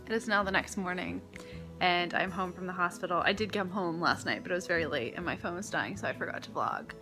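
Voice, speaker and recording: A woman's voice: fairly low pitch, fast, over music. A young woman vlogging from her apartment, talking casually and rambling with self-mocking humor. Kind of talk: casual vlog chat.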